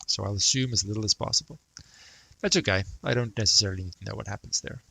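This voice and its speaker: A man's voice: lowish voice, fast talker, creaky, pushed and bright, breathy edge, no room sound, rough recording. A man teaching math, thinking aloud and muttering to himself as he sketches a graph. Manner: self-talk, mutters, jokes about praising himself.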